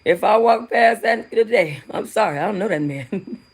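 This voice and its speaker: A woman in a mid-range voice dishing reality TV gossip straight to her viewers. She is animated and profane, swinging from loud incredulity to low, muttered asides. Her delivery is casual and conversational throughout. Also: fairly quick, breathy edge. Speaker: host.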